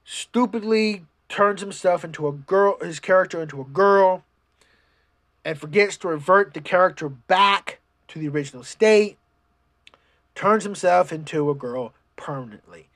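A casual vlogger rambling through anime recaps, swearing freely, restarting sentences and getting animated when retelling scenes. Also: mid-range voice, normal speed. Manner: profane, rambling, many restarts.

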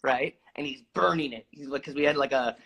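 A man casually telling a long, animated story, swearing freely and acting out the lines he quotes. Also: medium pitch, a little fast, gravelly, slightly rough, rough recording.

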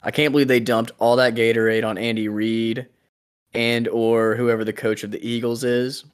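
A man's voice: medium pitch, little pitch movement, moderate pace, clean tone. A young man co-hosting a podcast, chatting casually in a rambling, jokey way and often trailing off and restarting. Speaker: podcast co-host. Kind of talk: casual chat.

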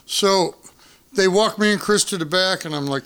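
Animated, profane male storyteller. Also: high voice, normal speed, smooth. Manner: profane, animated, acts out quotes. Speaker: guest storyteller. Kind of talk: casual storytelling.

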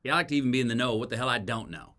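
A man's voice: mid-range voice, rapid-fire, bright, forceful tone. A man being interviewed as an author, talking casually and acting out quoted lines with a folksy, storytelling manner. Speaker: guest, author.

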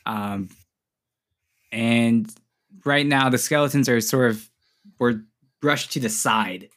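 A man's voice: medium pitch, slow pace. Laid-back man running a tabletop game. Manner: laughs often, relaxed and joking. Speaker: game master.

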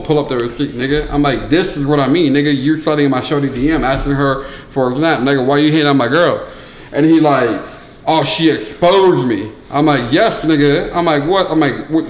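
A young man on a casual podcast, telling a story in an animated way with lots of crude slang. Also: a little high. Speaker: podcast co-host. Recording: echoey room with faint noise.

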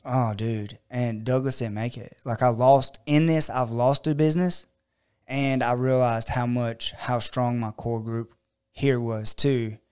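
Smooth-voiced man. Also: mid-range voice, steady tone, measured pace, darkish tone. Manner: earnest, chatty, interjects with agreement. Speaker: gym owner. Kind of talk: casual conversation.

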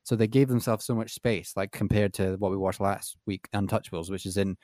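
A man's voice: on the low side, brisk, no room sound, studio quality. A man co-hosting a casual film podcast, telling stories animatedly. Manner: animated storyteller, puts on voices for quotes. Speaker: podcast co-host.

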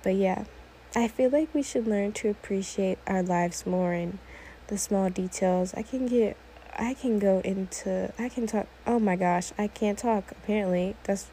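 An eighteen-year-old woman talks alone on her casual podcast in a medium-pitched, warm, unhurried voice, sounding a little emotional and teary. She rambles, gets sidetracked often, and says "like" constantly. The audio is poor, with slight background noise.

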